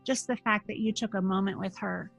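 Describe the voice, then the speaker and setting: A woman hosts a podcast interview in a conversational way, responding to her guest with gushing enthusiasm. Her voice is mid-pitched for a woman. Faint music runs underneath. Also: steady tone, fairly quick, gravelly, lo-fi sound. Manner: warm, gushing, emphatic. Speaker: podcast host.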